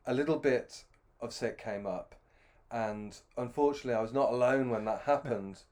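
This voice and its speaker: A man's voice: medium pitch, moderate pace, a little mellow. A middle-aged man telling a long, self-deprecating anecdote with many restarts. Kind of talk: anecdotal storytelling.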